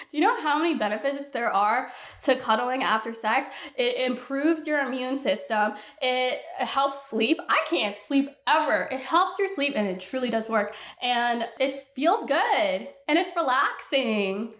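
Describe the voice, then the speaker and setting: A woman in her twenties hosting a podcast, ranting in casual, blunt chat that is animated and full of swearing. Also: sits high, measured pace. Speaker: podcast host. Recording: echoey room.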